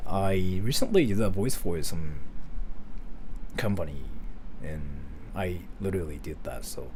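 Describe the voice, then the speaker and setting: A man's voice: low-pitched, animated, a little slow, a little mellow, a little hiss or hum. A man, chatting playfully on a livestream and reading donations. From Japan. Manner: playful, rambling, reads donations aloud. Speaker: streamer and voice actor. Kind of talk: casual livestream chat.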